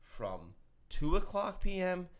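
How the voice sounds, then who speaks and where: A man's voice: high voice, sing-song, slow pace. A man co-hosting a sports show, bantering casually and laughing at his own jokes. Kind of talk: casual chat.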